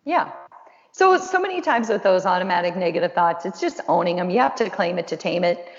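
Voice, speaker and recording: A woman's voice: fairly low pitch, animated, a little fast. A woman host and counselor talking casually and encouragingly, with a chatty, self-deprecating way of speaking. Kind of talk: casual conversational webinar talk. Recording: dull lo-fi audio with long reverb.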